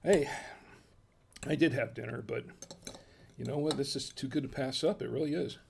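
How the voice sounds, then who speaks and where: A man's voice: medium pitch, normal speed, creaky, noisy background. An American man hosting a casual wine tasting, chatty and folksy, murmuring as he samples food and wine. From United States. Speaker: wine review host.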